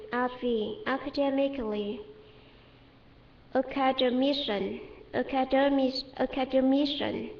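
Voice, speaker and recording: Slow, high-voiced Vietnamese woman drilling words. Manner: halting, repeats each word several times, self-corrects. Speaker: English learner. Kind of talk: reading dictionary entries aloud for pronunciation practice. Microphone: webcam. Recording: echoey room, dull lo-fi webcam audio.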